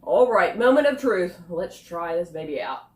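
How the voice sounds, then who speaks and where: A woman talks through a snack taste test in a casual, chatty way, thinking aloud and dropping into quiet asides. Her pitch moves around a lot. The room around her sounds echoey. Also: animated, normal speed. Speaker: snack reviewer.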